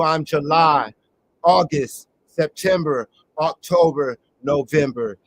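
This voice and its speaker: A man's voice: on the high side, slow pace, no room sound, poor audio. A man hosting a live online talk show, delivering a rambling, emphatic monologue. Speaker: host.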